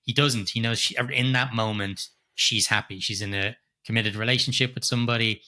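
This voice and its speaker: A man's voice: lowish voice, fairly even intonation, brisk, bright, forceful tone. A middle-aged man co-hosting a podcast, chatting casually about a film and rambling with lots of restarts and casual swearing. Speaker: podcast co-host. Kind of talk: casual film review chat.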